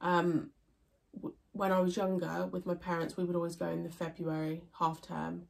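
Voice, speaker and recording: A woman's voice: fairly low pitch, level tone, normal speed, gravelly, a little mellow. A young woman chats through a viewer Q&A, her voice stuffy and nasal from congestion. She rambles easily, full of "um" and "like," and often stops to correct herself. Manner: chatty, rambling, with fillers and self-corrections. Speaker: YouTuber answering viewer questions. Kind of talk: casual Q&A chat.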